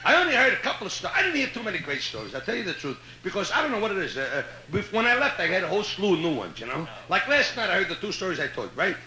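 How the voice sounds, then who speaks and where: A man's voice: high voice, sing-song, racing, hardly any pauses, bright, forceful tone. A man with a Brooklyn accent doing live stand-up, telling jokes in a brash, chatty style full of "you know" and "right?". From Brooklyn, New York. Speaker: stand-up comedian. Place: hotel nightclub, live audience. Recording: echoey live room on old vinyl.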